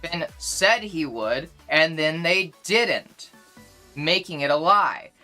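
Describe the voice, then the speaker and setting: With faint music behind her, a young woman streaming casually argues insistently with her chat, repeating her points. She speaks slowly in a low, bright, forceful voice with lively intonation.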